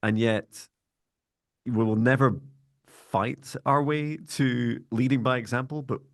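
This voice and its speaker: A man hosting a podcast in a calm, monotone voice, chatting reflectively and then leading a slow guided meditation. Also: mid-range voice, no echo, studio quality. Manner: calm, reflective, speaks in slow measured phrases when guiding breathing. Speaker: podcast host.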